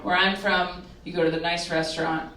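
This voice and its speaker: A woman's voice: lowish voice, level tone, moderate pace, slight background noise. A woman performing a stand-up set, telling wry stories and landing punchlines in a comedy club. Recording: roomy live venue, mic picked up from a distance, loud laughter. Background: audience laughter.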